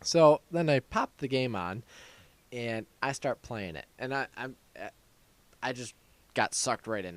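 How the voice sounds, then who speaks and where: Young male co-host, excitable, gushes and acts out reactions, mid pitch. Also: a little slow, no room sound. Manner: excitable, gushing, acts out his own reactions. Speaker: podcast co-host. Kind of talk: casual gaming chat.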